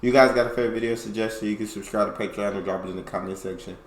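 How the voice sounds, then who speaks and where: A man from the United States hosting a casual reaction video, relaxed with easygoing asides. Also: fairly low pitch, rapid-fire. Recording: echoey room.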